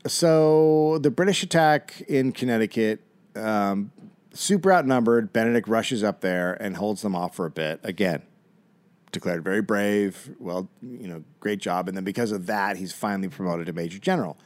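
A man's voice: lowish voice, normal speed, dry recording. A middle-aged man co-hosting a comedy podcast, retelling history in a casual, profane, wry way. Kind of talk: casual storytelling.

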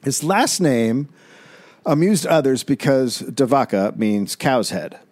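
A man's voice: mid-range voice, very animated, takes it slowly, a little mellow, no echo. A man co-hosting a comedy podcast, loosely retelling history with swearing. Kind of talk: casual storytelling.

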